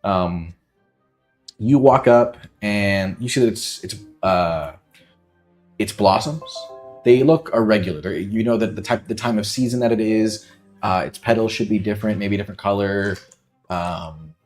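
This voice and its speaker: Low-voiced man running a tabletop game. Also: moderate pace, darkish tone, soft background music. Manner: hesitant, full of ums and uhs. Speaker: game master.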